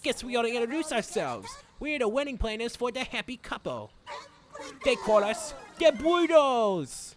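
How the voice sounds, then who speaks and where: A man's voice: very high voice, very animated, normal speed, background noise, voice pushed up. Man doing a cocky Irish goon henchman. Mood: swaggering. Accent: put-on Irish. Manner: gruff, cocky, slips in and out of the accent. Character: brash male goon henchman, wedding planner.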